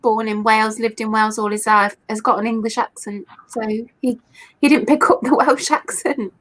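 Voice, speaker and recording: A woman's voice: a little high, steady tone, normal speed, a bit bright. A woman chatting on a group video call, telling a short story in a matter-of-fact way. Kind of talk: casual chat.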